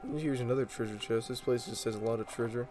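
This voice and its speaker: A man casually commenting on his video game playthrough, relaxed and rambling with plenty of fillers. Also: medium pitch, fast, rough recording. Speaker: let's play host. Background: game music.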